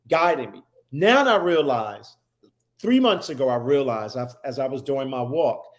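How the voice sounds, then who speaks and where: A man who is a guest on a talk show, telling a personal story with emphasis and many restarts. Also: mid-range voice. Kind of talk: personal storytelling in casual chat.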